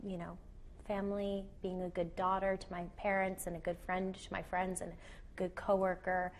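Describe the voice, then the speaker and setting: A young actress answering TV interview questions in a chatty way, full of "you know" fillers. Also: female voice, fairly low pitch, little pitch movement, moderate pace, slight background noise. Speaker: actress and singer, interview guest.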